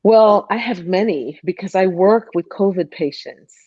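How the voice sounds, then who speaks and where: A nurse with a mid-range, slightly slow voice and a breathy edge talks earnestly as a guest in a casual video call conversation. She acts out her patients and her own calm coaching as she guides them through breathing. There's no room sound, but the call audio is dull and muffled.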